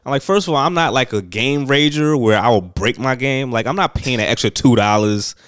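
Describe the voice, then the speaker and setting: A man's voice: medium pitch, brisk, few pauses, fairly bright tone, clean tone, dry recording, studio quality. A young man co-hosting a casual chat, talking in laid-back slang and acting out quotes.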